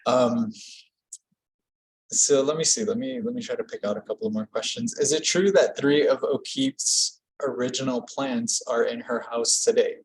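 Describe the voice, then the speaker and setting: A man's voice: mid-range voice, normal speed, poor audio. A man moderating a lecture Q&A, reading out audience questions in a casual, filler-heavy way.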